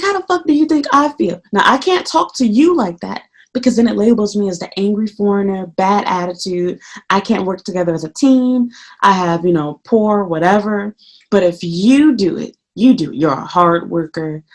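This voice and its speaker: A woman vents to the camera in a casual vlog. She curses freely and tells the story in an animated way, voicing her own remarks out loud. Her voice sits at a medium pitch. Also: normal speed. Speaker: English teacher in Japan.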